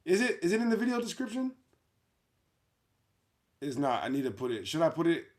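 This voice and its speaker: A man's voice: fairly high pitch, big pitch swings, brisk, darkish tone. A man hosting a livestream, reading chat comments aloud in a brash, mocking way and laughing at his own jokes. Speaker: livestream host.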